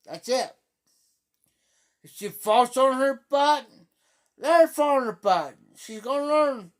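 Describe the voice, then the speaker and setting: A middle-aged livestream host telling a story in a casual way, repeating phrases and acting out quoted speech loudly. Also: sits high, lively intonation, takes it slowly.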